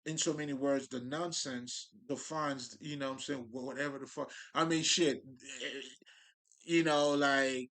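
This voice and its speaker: A man's voice: medium pitch, steady tone, moderate pace, fairly bright tone. A man giving a casual, profane spiritual monologue, talking loosely with frequent restarts and slang. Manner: loose, profane street talk, restarts and laughs. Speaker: spiritual speaker.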